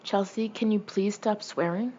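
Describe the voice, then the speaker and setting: A woman's voice: medium pitch, steady tone, normal speed, dark tone, lo-fi sound, a little hiss or hum, lightly acted. A woman doing a whiny, clumsy young woman.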